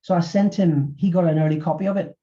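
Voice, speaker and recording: A middle-aged man, an author and former physiotherapist, speaking in a webinar interview and talking haltingly with many repeated words. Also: a little high, steady tone, warm tone, muffled recording.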